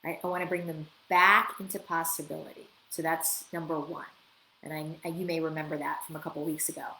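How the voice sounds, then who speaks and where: A woman hosting a live coaching Q&A, chatty and lively, acting out bits of client dialogue as she answers questions. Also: low-pitched, a little fast. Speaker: business coach and show host. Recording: echoey room with faint ambient noise.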